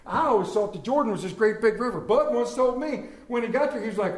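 Male preacher, high voice, lively storytelling sermon in a roomy hall. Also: fast talker, hardly any pauses. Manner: animated, acts out bible characters, addresses congregation by name.

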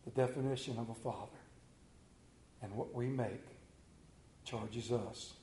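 A man preaching a sermon, folksy and storytelling, swinging from loud excitement to hushed tones. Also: mid-range voice, measured pace, pauses often, echoey room, slight background noise, poor audio. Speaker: pastor.

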